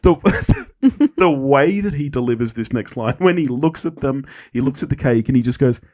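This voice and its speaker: A man co-hosting a podcast in casual chat, animated and laughing often as he acts out lines. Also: medium pitch, normal speed. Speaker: podcast co-host. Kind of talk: casual chat recapping a sitcom episode.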